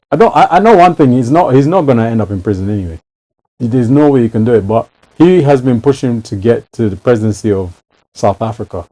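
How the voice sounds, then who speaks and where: A man's voice: mid-range voice, dark tone, rough recording. A man in casual chat who talks emphatically and repeats phrases to drive a point home.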